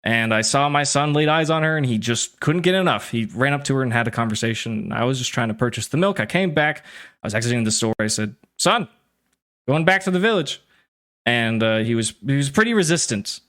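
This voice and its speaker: A man voicing a stubborn older father who tells his story in halting, rambling bursts. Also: medium pitch, animated, fairly bright tone, lightly acted. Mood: wistful. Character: stubborn older Draconid father, wistful and gruff.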